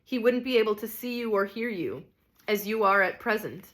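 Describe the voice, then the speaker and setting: A patient, gentle male spirit, voiced by a woman reading aloud. He speaks in a calm, measured and reasoning way. It is an audiobook character reading. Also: medium pitch, natural voice.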